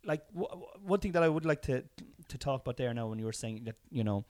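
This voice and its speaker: A man's voice: mid-range voice, expressive, fast talker, darkish tone, no room sound, studio quality. Easygoing, rambling man. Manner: rambling, hesitant restarts, reflective. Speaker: podcast co-host, father. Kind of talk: casual chat.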